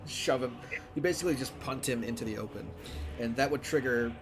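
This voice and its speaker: A man running a tabletop game as game master, relaxed and joking as he narrates and rules. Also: mid-range voice, a little fast, music in the background.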